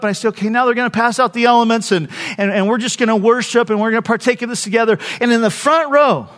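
Older preacher with a high voice. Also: male voice. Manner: storytelling, swings from loud preaching to soft near-whispers. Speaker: pastor. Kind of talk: sermon.

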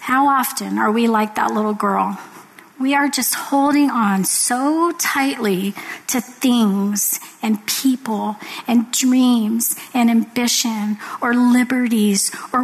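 A woman's voice: high-pitched, poor audio. A woman giving an earnest devotional talk to women, telling a story to make her point.

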